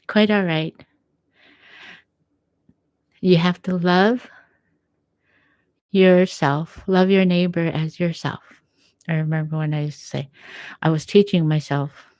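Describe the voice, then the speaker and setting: Woman, unhurried, lowish voice, dry close sound, gentle encouraging faith talk. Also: fairly even intonation, dry recording. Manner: gentle, encouraging, quotes scripture. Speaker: faith speaker. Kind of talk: reflective motivational talk. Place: at home.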